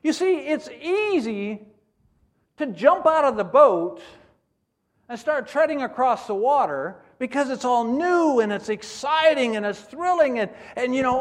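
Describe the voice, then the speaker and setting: Animated middle-aged missionary preacher, man. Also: very high-pitched, a little slow. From United States. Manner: animated preaching, acts out prayers and rising to loud exclaims. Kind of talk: sermon.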